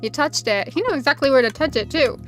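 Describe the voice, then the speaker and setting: A woman's voice: sits high, animated, quick pace, fairly bright tone. A woman streaming a game, telling a personal story in a rambling, chatty way with plenty of "like" fillers. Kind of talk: casual chat while streaming a game. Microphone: desk USB microphone. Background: faint background music.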